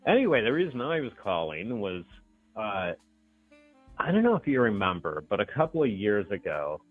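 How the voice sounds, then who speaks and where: A middle-aged man calling in to a talk show, telling a story in a chatty, animated way and laughing easily. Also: on the low side, normal speed, soft background music. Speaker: caller. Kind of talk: casual phone call-in chat. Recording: tinny phone line.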